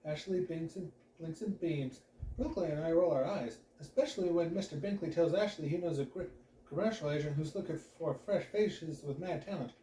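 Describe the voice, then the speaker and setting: A man hosting a channel, reading a children's novel aloud in an expressive storytelling voice. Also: on the high side, normal speed. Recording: echoey room, mic at a distance, faint background hiss.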